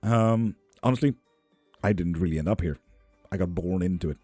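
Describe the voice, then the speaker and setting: Low, husky laid-back livestream man. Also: normal speed, warm tone, dry recording, soft background music. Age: 30s. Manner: laid-back, joking, chats with viewers. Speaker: livestream tarot reader. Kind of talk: casual live-stream chat, reading comments aloud.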